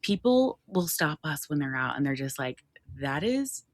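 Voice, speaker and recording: A woman in her thirties with a lowish voice, trading stories on a podcast in a chatty, animated, slangy way. The sound is dry and close, with no room around it. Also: normal speed, dry recording. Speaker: podcast co-host. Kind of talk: casual chat.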